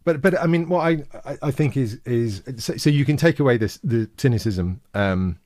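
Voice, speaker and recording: A man's voice: mid-range voice, lively intonation, normal speed, a little mellow, no echo. A man hosting a livestream interview, asking reflective, searching questions. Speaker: host.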